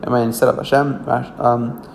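A man teaching a religious text, each verse aloud and translating it phrase by phrase, often halting and correcting himself. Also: medium pitch, little pitch movement, vocal fry, a little hiss or hum. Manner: halting, self-correcting, with frequent restarts. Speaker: Torah teacher.

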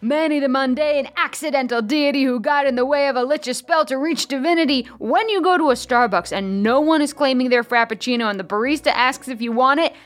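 A woman co-hosting a tabletop game podcast, playfully reading comedic shout-outs and laughing along. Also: high-pitched, brisk, few pauses. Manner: playful, laughing, reading jokey fantasy bios. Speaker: podcast co-host.

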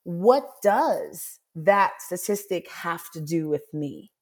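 A middle-aged author, here as an interview guest, speaks slowly in a lowish, expressive voice. She shares a personal story in earnest and voices her own reflections throughout the candid conversation.

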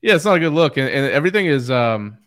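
Male co-host, smooth resonant voice, measured, keeps the show moving. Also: medium pitch, very animated, a bit bright. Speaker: podcast co-host. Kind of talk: casual sports chat.

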